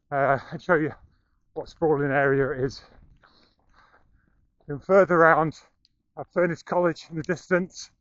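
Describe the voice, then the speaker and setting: A man's voice: fairly high pitch, no room sound, muffled recording. A middle-aged man, slightly out of breath, giving a running commentary with dry self-deprecating humour as he jogs outdoors. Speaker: running vlogger. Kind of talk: running commentary while jogging. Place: outdoors, running through town and over a bridge. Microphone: action camera carried while running.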